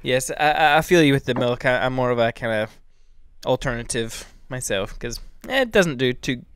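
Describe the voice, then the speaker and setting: A man's voice: medium pitch, lively intonation, normal speed, a bit bright, clear, resonant tone, dry recording. A man hosting a podcast, friendly and a little hesitant, often repeating words. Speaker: podcast host. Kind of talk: casual podcast chat.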